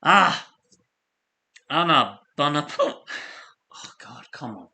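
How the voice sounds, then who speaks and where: A man hosting a live stream of fan votes, reading out scores in a chatty, apologetic way while he has the hiccups and keeps clearing his throat. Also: medium pitch, lively intonation, moderate pace, pushed and bright, slight background noise. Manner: chatty, apologetic asides between score readouts. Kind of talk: casual live-stream commentary.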